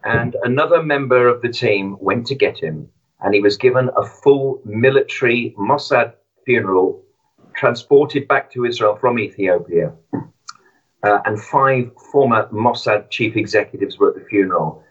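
A man's voice: mid-range voice, normal speed, husky, lo-fi sound. A man who is a podcast guest, telling a moving story and talking about his podcast with hesitant restarts. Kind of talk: casual interview chat.

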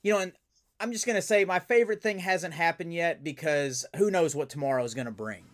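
Brief: male podcast host and voice actor, eager, animated, slightly raised pitch. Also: fairly quick. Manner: enthusiastic, animated storyteller. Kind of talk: casual interview chat.

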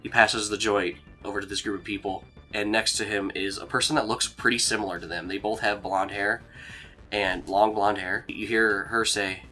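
Bright-voiced man running a game. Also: fairly low pitch, normal speed, faint music behind. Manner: rambling, filler-heavy, relaxed. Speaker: game master. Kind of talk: narrating a tabletop game.

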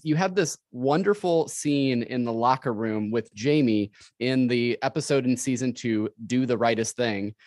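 A man hosts a podcast and interviews a guest. His questions run long and meander, with easy fillers. His voice is mid-pitched and the recording is dry. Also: dry recording. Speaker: podcast host.

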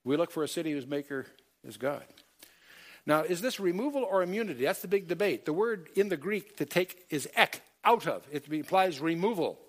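Male Bible teacher, fairly high voice, emphatic lecture delivery with frequent fillers and restarts. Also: expressive, fairly quick. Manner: emphatic, quotes scripture in King James wording; many fillers and self-corrections.

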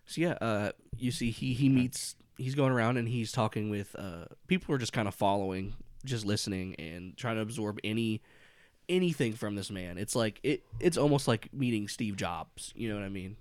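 A man's voice: lowish voice, moderate pace, a little mellow, no echo, clean studio sound. A man running a tabletop horror game as game master, narrating casually with lots of fillers and frequent laughs. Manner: rambling, laughs often, many fillers.

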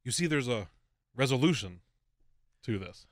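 A male podcast co-host adds a relaxed, offhand comment at a middling pitch. The recording is close and dry. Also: moderate pace, no echo. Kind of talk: casual podcast chat.

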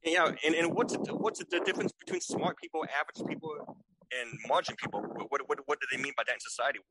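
A man in his forties appears as a guest on a podcast, talking fast and animatedly in a voice on the high side. He stammers, repeats words, and keeps asking "right?" to get agreement in this casual remote chat, and the audio is very noisy.

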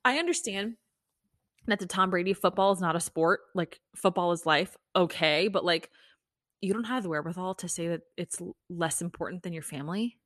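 A woman's voice: on the low side, fairly quick, a bit bright, dry recording, clean studio sound. A young adult woman hosting a podcast, ranting bluntly in a casual chat, swearing freely and saying "like" a lot. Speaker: podcast host. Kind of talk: casual opinion rant.

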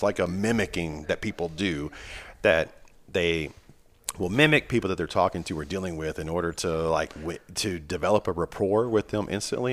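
A man hosting a podcast, chatting casually on a microphone with headphones, rambling and joking as he tells stories. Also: deep voice. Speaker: podcast host. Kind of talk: casual chat.

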